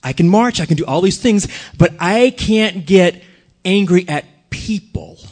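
Male pastor, slightly high voice, earnest conversational sermon delivery. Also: animated, measured pace, darkish tone. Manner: earnest, conversational preaching with questions to the congregation.

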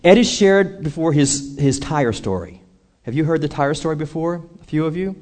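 A man delivers a sermon as a story, his voice sitting a little high and swinging widely in pitch. He acts out the quoted lines with animation, rising and falling sharply. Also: animated, normal speed, a little mellow. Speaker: preacher.

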